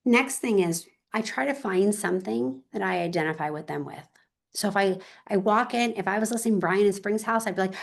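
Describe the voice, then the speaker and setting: Animated woman real estate agent. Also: mid-range voice, quick pace, gravelly. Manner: animated, emphatic, talks straight to listeners. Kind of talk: interview, energetic storytelling.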